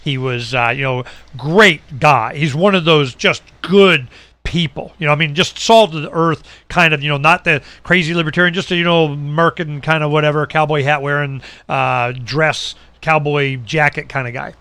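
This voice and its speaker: A middle-aged man hosting a talk show, telling a long story in casual chat, animated and dropping low for asides. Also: moderate pace, no echo. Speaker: radio show host.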